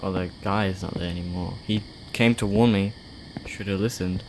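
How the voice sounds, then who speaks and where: A man's voice: sits low, fairly even intonation, normal speed, noisy background. A man doing let's play commentary on a horror game, jumpy and nervous, talking back to the characters with nervous laughs. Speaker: game streamer.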